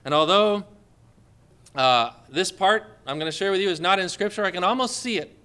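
A man's voice: sits high, animated, moderate pace, sharp tone, clear, resonant tone. A man preaching a sermon in an emphatic, dramatic way, building his points with rising emphasis.

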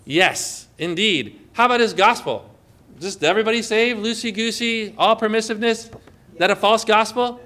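High, bright-voiced man preaching. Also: moderate pace. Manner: emphatic, asks the congregation questions. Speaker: pastor. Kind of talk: sermon.

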